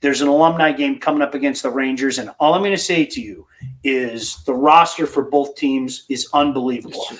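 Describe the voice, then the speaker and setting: A middle-aged man hosting a casual sports podcast from a basement studio, excitable and chatty, reading out listener picks. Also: medium pitch, brisk, poor audio. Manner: excitable, chatty, jumps between topics. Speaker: podcast host.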